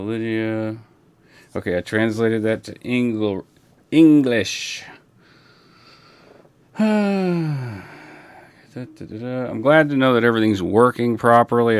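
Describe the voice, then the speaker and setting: A man hosting a livestream, chatting casually and rambling in a relaxed way, talking through a broadcast console. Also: fairly low pitch, clear, resonant tone, no echo. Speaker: livestream host. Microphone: broadcast console setup.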